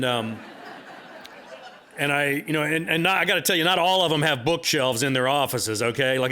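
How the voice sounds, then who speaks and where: A man's voice: medium pitch, bright, forceful tone. Folksy man spinning a rambling story. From United States. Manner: folksy, rambling, with many fillers. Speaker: author giving a talk. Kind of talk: storytelling talk at a bookstore event.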